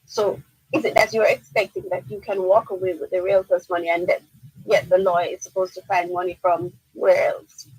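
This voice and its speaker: On a radio call-in show offering legal advice, a Jamaican-accented woman lawyer responds to listeners from a radio studio, firmly explaining and restating key points. Her voice is low, level, brisk, somewhat mellow, and husky, in a low-quality recording.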